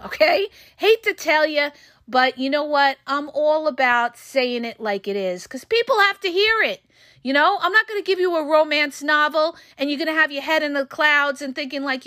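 A woman podcast host and relationship coach giving blunt, profane advice straight to her listeners, her voice going hoarse. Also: sits high, pushed and bright, no room sound, clean studio sound. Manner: frank, profane, emphatic, addresses listeners as "you guys". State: losing her voice.

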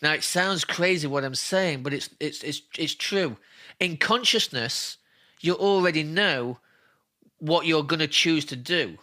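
A man's voice: a little high, measured pace, bright, forceful tone. A man telling personal stories as an interview guest, earnest and emphatic, often repeating himself for stress. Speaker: interview guest, spiritual healer. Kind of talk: emotional personal storytelling.

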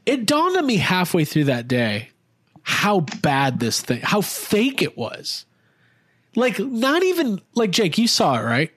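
A man hosting a casual chat podcast, telling stories in a self-mocking, animated way. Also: high-pitched, measured pace, no room sound. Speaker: podcast host.

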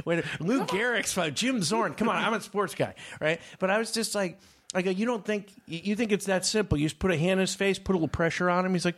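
A man casually telling a story in a chat, animated, acting out both sides of an argument. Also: high voice, fast.

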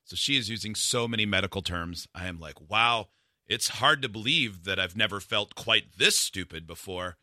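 A man with a very bright, forceful tone and a slightly low pitch tells a long, rambling story about himself. He jokes at his own expense. The sound is dry and close, with no room echo. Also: normal speed. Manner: self-deprecating, rambling storyteller. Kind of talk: casual storytelling chat.

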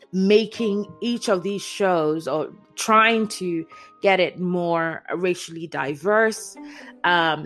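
A woman talks through a reality TV episode in a casual, animated way. She slips into the voices of the people she quotes and breaks into laughs now and then. Faint music plays underneath her. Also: on the low side. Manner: animated storyteller, acts out quotes, laughs often. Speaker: reality TV commentator. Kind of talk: casual chat recapping reality TV.

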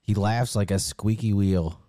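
A man's voice: on the low side, fairly even intonation, a little slow, dark tone, dry recording, clean studio sound. A man co-hosting a podcast, firing off jokey, hyped quips while reacting to a clip. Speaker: podcast co-host. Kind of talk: casual reaction commentary.

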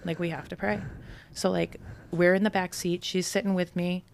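Gravelly-voiced woman telling her story. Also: on the low side, little pitch movement, normal speed, slight background noise. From Brockton, Massachusetts. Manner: casual, fillers "like" often, quotes people in her story. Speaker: podcast guest. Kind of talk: personal story in a podcast interview.

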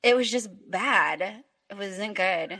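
A woman's voice: mid-range voice, slow, crowd noise. A woman co-hosting a podcast, chatting casually and telling stories with lots of laughter. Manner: laughing, animated storyteller. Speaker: podcast co-host. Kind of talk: casual chat.

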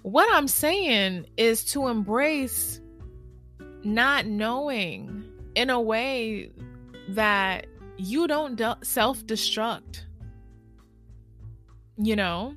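A woman's voice: medium pitch, expressive, takes it slowly, bright, forceful tone, faint music behind. A woman hosting a podcast in a casual, chatty monologue, laughing often and drawing out her fillers. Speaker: podcast host and healer.

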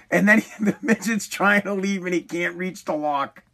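A man with a notably high voice talks loosely and profanely, like a podcast host. He rambles, restarts his sentences and keeps breaking into laughter as he goes. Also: moderate pace, gravelly, sharp tone. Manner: profane, laughs often while retelling. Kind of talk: casual rambling chat.

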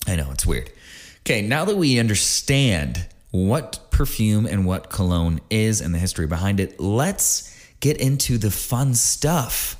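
A man with a very low voice talks through a solo podcast episode. He rambles in a friendly, offhand way, cracks small jokes, and leans on filler words as he explains. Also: very animated, unhurried. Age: adult, married. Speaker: podcast host.

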